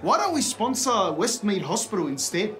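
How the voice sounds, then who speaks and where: An Australian man playing a rude, foul-mouthed young fast-food worker who snaps sarcastic insults at customers in a comedy sketch. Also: high voice, very animated, a bit bright, soft background music. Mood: insulting.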